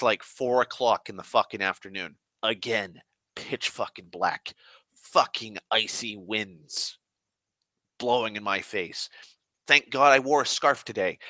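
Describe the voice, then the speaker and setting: A man's voice: mid-range voice, pushed and bright, no echo, studio quality. Furious profane man ranting. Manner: angry, heavily profane ranting; dramatic pauses and repetition. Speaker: online ranter. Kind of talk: casual storytelling rant.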